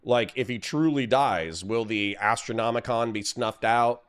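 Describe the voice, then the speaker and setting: A man in his thirties talking casually on a livestream, rambling and chatty, yawning now and then as he warms up. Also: mid-range voice, unhurried, smooth. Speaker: streamer.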